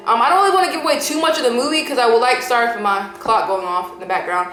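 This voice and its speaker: A woman's voice: fairly high pitch, lively intonation, fast, hardly any pauses, fairly bright tone, faint music behind. Rambling young woman vlogger in an echoey room. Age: 20s. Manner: rambling, full of "like" and "you know". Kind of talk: casual movie review. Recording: roomy echo.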